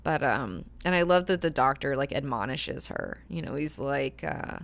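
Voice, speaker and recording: A woman's voice: a bass voice, animated, normal speed. A woman hosting a book club, talking casually, swearing freely and acting out characters' lines as she goes.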